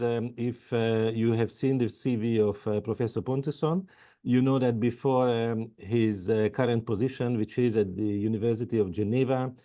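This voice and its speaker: A man with a low, mellow voice opens a policy podcast interview. He speaks haltingly and fills his pauses with many "uh"s and "um"s. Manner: halting, many filler sounds. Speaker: podcast host, foundation head.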